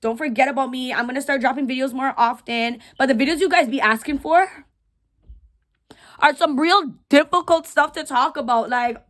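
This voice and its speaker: A woman in her twenties talking to camera at home, rambling and candid with slang and dark jokes. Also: sits high, normal speed. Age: 20s. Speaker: vlogger, widow. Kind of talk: casual talk to camera. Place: home room.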